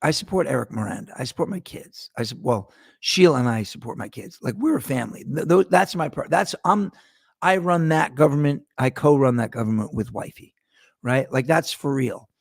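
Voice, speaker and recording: A man's voice: medium pitch, a little fast, gravelly, breathy edge, no room sound, clean studio sound. A middle-aged man hosting his own show, rambling through a casual monologue with profanity and digressions. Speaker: podcast host.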